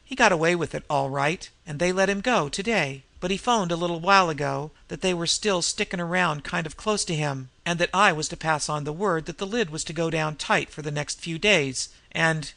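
A man's voice: fairly high pitch, normal speed, creaky, hardly any pauses, sharp tone, dry recording. A man voicing a crafty, disreputable old male fence who grunts and snarls threats. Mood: confiding.

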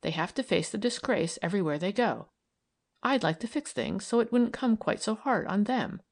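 A woman voicing a calm, kindly young woman detective who speaks gently and earnestly. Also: mid-range voice, moderate pace.

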